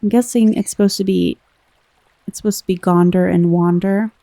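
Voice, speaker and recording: An American woman giving relaxed, rambling commentary while playing a game, chatting to her viewers. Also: medium pitch, fairly quick, creaky, dry recording. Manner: chatty, rambling, reads game text aloud. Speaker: gameplay commentator.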